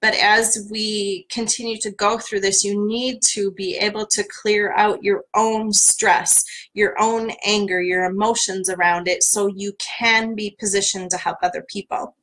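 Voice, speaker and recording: Gentle woman guiding a tapping session. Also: medium pitch, flat delivery, a little slow, low-quality recording. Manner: gentle, soothing guiding voice with many fillers. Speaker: tapping coach. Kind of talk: live-streamed guided tapping session.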